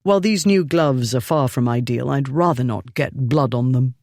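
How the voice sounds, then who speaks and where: A man voicing a calm, coolly menacing duke, mild and unhurried in tone. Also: medium pitch, gravelly, no room sound, studio quality, lightly acted. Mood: cool menace. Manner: mild, amiable, lazy, unhurried.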